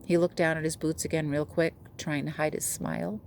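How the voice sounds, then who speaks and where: A woman teacher reading a children's novel aloud to her class in a steady, gentle way. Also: low voice, fairly quick, vocal fry, slight background noise.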